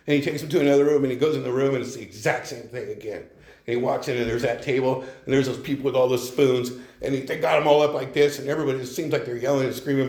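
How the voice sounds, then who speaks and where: A man's voice: medium pitch, darkish tone. A middle-aged man giving a candid, conversational personal testimony at a recovery meeting, speaking from a podium with frequent chuckles. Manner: candid and conversational, leans on "you know", chuckles often. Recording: roomy room echo.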